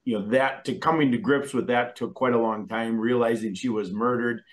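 A man on a video call as a talk show guest, speaking in a measured, methodical way, listing dates and facts. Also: mid-range voice, steady tone, poor audio. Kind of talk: interview recounting a lawsuit.

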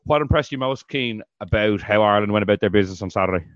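A man hosting a podcast, presenting in an emphatic, brisk way. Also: fairly low pitch, dry recording, muffled recording. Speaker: podcast host. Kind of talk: casual podcast chat.

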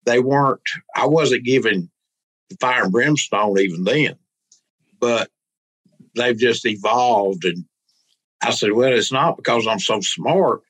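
A man's voice: medium pitch, a bit bright, low-quality recording. A man, a pastor telling rambling, folksy stories in a casual interview. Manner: rambling, folksy, quotes others aloud. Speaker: pastor and guest.

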